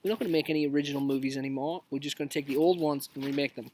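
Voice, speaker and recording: A man's voice: on the high side, steady tone, very fast, a little mellow, slight background noise. Chatty man joking through memes. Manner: chatty and jokey, dropping into whispers for asides. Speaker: youth leader hosting a live stream. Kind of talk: casual live-stream commentary on memes. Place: outdoors.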